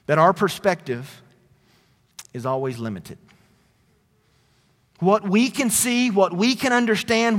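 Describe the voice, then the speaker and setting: A man with a high, light voice delivers a conversational sermon, swinging from emphatic bursts to hushed, low asides. His words ring with the long reverb of a big sanctuary. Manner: conversational preaching, swings between loud and soft. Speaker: pastor.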